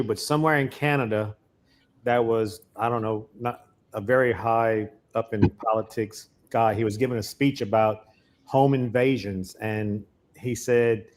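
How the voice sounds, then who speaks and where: A man hosting a casual chat, teasing his guest with playful questions. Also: mid-range voice.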